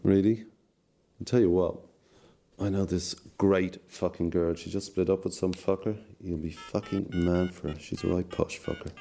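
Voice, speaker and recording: A man's voice: low-pitched, steady tone, normal speed, gravelly, dark tone. A man in a scripted sitcom, swearing constantly in crude, blokey banter.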